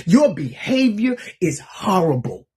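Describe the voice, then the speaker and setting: A woman's voice: lowish voice, very animated, slow, mellow, slightly rough. A woman in angry, impassioned political commentary, preaching with rhetorical questions.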